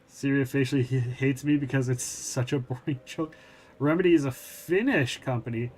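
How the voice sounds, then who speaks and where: A man's voice: mid-range voice, brisk, darkish tone. A middle-aged man hosting a gaming stream, chatting casually in a rambling, hesitant way with many fillers. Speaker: streamer host.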